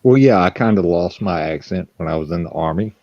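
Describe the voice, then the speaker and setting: A man's voice: sits low, animated, brisk, dry recording. A man with a Southern Virginian accent, chatting in a dry, laid-back way on a panel. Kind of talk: casual chat. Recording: dull lo-fi call audio.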